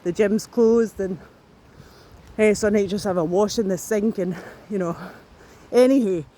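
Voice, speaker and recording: A woman's voice: mid-range voice, moderate pace, dark tone. A woman talking to her camera as she walks along outdoors, out of breath between phrases. Her speech rambles, doubles back on itself and breaks into swearing. The tone stays loose and unscripted throughout. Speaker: vlogger. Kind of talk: casual talk to camera.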